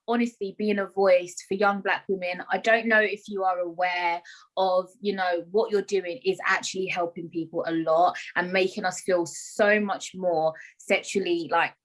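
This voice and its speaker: A woman's voice: fairly low pitch, fairly even intonation, moderate pace. A woman hosting a casual podcast chat, friendly and talkative. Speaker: podcast host. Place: home bedroom studio.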